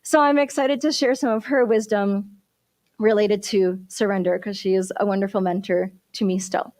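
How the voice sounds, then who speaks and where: A woman minister giving a sermon, telling stories in an animated way and asking the congregation questions. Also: medium pitch, normal speed, no echo, clean studio sound.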